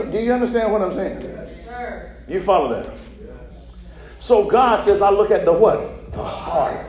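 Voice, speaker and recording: A man preaching a sermon who keeps prompting his listeners to repeat after him and checks that they follow. His delivery swings from low murmurs to loud, shouted preaching. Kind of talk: sermon with call-and-response. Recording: echoey hall.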